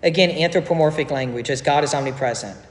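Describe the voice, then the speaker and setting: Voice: medium pitch, fast talker. A pastor delivering a sermon, explaining scripture in a conversational way with joking asides. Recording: echoey hall with long reverb.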